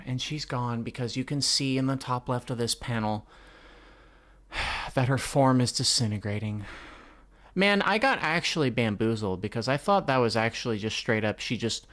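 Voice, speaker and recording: Reading manga aloud and reacting live, a man talks casually, swears a lot and sighs between thoughts. His medium-pitched voice is fairly bright, a little slow, with long pauses.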